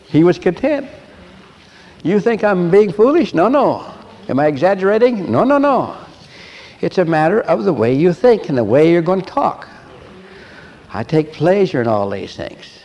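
An older man preaching a sermon, telling personal stories in an animated way and asking the audience questions. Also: a little high, normal speed, lo-fi sound.

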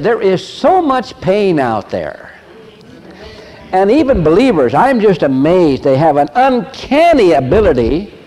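An older man preaching a sermon, telling personal stories in an animated way and asking the audience questions. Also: sits high, low-quality recording.

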